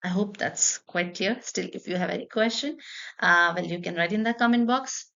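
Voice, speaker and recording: A woman's voice: fairly low pitch, normal speed, gravelly, sharp tone, dull audio. Patient woman teaching a French lesson. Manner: patient, explains step by step with repeated examples. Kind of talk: online language lesson.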